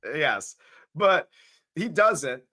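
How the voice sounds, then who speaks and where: Male co-host for a crude comedy review, bright, forceful voice, plot-recap duty. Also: fairly high pitch, big pitch swings, slow. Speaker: podcast co-host. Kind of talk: casual comedic movie review.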